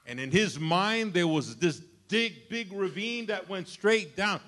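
An older man, a grandfather, preaching a sermon with dramatic storytelling that swings from loud outbursts to hushed asides. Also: a little high, expressive, a little slow, few pauses. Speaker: pastor.

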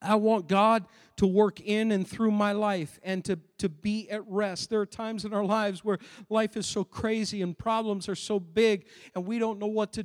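High-voiced man preaching in a reverberant hall. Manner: swings between quiet asides and loud emphatic declarations. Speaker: pastor. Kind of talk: sermon. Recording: long reverb of a large hall.

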